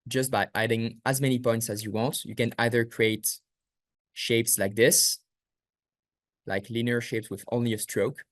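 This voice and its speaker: A man's voice: medium pitch, dry recording, clean studio sound. A man with a French accent leading a live online workshop, explaining each step and answering chat questions. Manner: explains step by step, reads out chat questions, small slips and self-corrections. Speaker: workshop instructor. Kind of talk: live online software tutorial.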